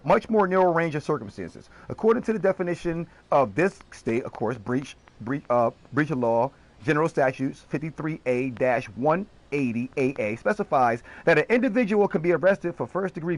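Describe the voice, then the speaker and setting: A man streaming live, ranting heatedly and profanely in quick bursts. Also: a little high.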